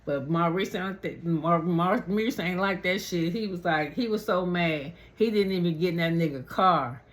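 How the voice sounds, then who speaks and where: A woman vlogger casually recaps a reality TV episode at a moderate pace, rambling and cursing freely with colloquial grammar. Her pitch jumps whenever she acts out quotes.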